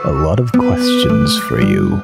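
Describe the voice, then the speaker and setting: Low gravelly player guy, dry delivery, loud music behind. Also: wildly swooping pitch, a little slow. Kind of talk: playing a tabletop game.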